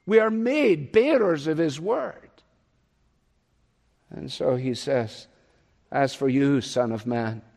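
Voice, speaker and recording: A male preacher delivering a sermon at a middle pitch. He is emphatic, climbing loud on key phrases before sinking soft. His voice rings out with the long reverb of a large hall. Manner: emphatic, swinging between loud rises and soft drops. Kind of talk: expository sermon.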